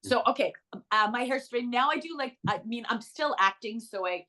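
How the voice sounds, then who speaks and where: Chatty middle-aged actress. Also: female voice, on the high side, lively intonation, sharp tone. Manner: bubbly, storytelling with quick asides and laughs. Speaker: actress and author. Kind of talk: casual interview chat.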